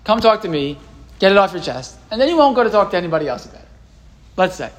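A man's voice: sits high, big pitch swings, rapid-fire, low-quality recording. A man giving a live Torah class in a classroom, chatting with the audience, quizzing them and reading old texts aloud before translating them. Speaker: Torah teacher.

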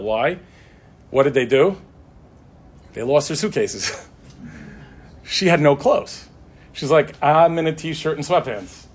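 A man's voice: on the high side, slightly rough. A man, a rabbi, giving a sermon full of stories, acting out the quoted voices. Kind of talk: sermon with storytelling.

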